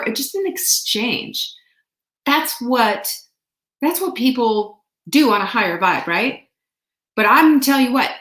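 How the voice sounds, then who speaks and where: A woman hosting a casual motivational talk, telling a story in an animated way and acting out quotes. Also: medium pitch, reverberant. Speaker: host.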